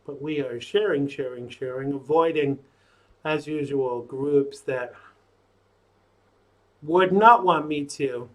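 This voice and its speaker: A man's voice: a little high, a bit bright. A man hosting his own live stream, rambling chattily and talking to himself while he gets ready to go live. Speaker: live-stream show host. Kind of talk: casual pre-show chat to himself.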